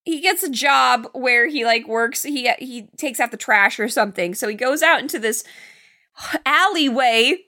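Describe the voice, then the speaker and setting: A woman's voice: on the high side, normal speed, pushed and bright. A woman co-hosting a casual movie review chat, laughing often and swearing freely. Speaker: podcast co-host.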